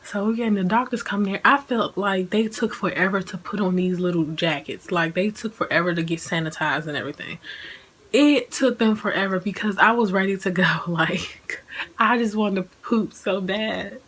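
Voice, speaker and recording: A woman's voice: mid-range voice, moderate pace, a bit bright, husky, poor audio. Chatty young woman telling a story. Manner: chatty, lots of "like", laughs as she talks. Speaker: vlogger. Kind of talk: casual personal storytelling.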